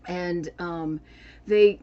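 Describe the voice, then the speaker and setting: Slow, chatty woman vlogger, dull audio. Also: fairly low pitch, fairly even intonation, smooth. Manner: chatty, rambling with many fillers and restarts. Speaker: book and journaling vlogger. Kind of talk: casual chat.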